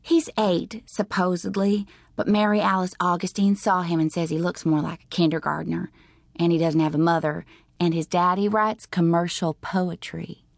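A woman voicing a bossy, gossiping young girl who talks in a taunting, rapid way. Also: on the low side, gravelly, slightly rough, no room sound. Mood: gossipy.

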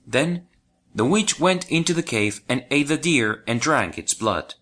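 Bright, animated male storybook narrator. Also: medium pitch, a little slow. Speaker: audiobook narrator.

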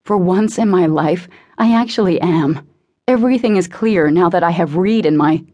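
Casting: hostile teen boy, cold and spiteful, low husky tone, played by a woman narrator. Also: normal speed, mellow, dull audio, close to an everyday voice. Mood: bitter. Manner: cold, spitting contempt. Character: bitter hostile teenage boy, cold and contemptuous.

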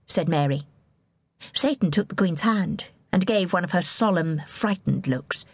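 A woman narrating a historical novel in an expressive storytelling manner, recorded close in a studio. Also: sits low, unhurried, breathy edge, no room sound. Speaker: audiobook narrator. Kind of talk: scripted narration.

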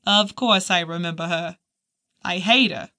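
A booming, blunt female shrink with a broad New England accent, as a woman narrator puts her on. She talks loud and crude, cracking jokes in a voice pitched well above the reader's own. It is an audiobook reading. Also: unhurried. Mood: brash joking. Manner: blunt, bawdy, wisecracking. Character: brash middle-aged female psychiatrist friend.

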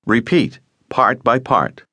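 A man narrating a recorded language course, giving calm, scripted prompts for the listener to listen, repeat and answer, in a studio. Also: medium pitch, takes it slowly, no echo. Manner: calm, directive teaching prompts.

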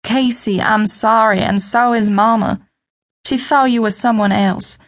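A woman's voice: a little high, steady tone, a little slow, lightly acted. A woman narrator voicing a young man with a Southern drawl, by turns sarcastic and coaxing, in an audiobook.

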